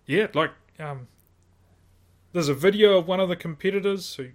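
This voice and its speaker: A man appearing as a podcast guest, telling animated stories full of fillers. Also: sits high, moderate pace. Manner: animated storyteller, filler-heavy. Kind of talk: casual chat.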